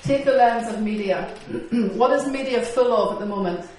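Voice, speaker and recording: A woman's voice: a little high, moderate pace. Irish woman preaching in an echoey hall. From Northern Ireland or Ireland, living in Britain. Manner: animated preaching, rhetorical questions, acted-out quotes. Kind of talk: sermon. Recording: echoey hall, distant mic, faint noise.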